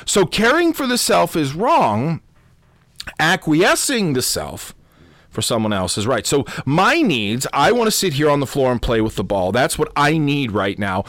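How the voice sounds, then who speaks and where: Lively-pitched man, podcast life coach. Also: no room sound, clean studio sound. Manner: repetitive, self-correcting, asks "okay?" often. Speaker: Lutheran pastor and podcast host. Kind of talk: unscripted teaching talk.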